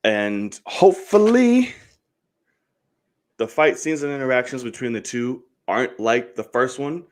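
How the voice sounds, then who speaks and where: A man hosting a live movie podcast, chatting casually and cursing freely with animated asides. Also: mid-range voice, a little slow. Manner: loose and swearing, animated asides. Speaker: podcast host.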